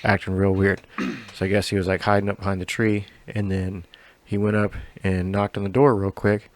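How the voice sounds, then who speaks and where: Rambling through a lengthy story on a podcast he co-hosts, this man cusses frequently and laughs a lot. He speaks at normal speed in a low voice with a completely flat delivery.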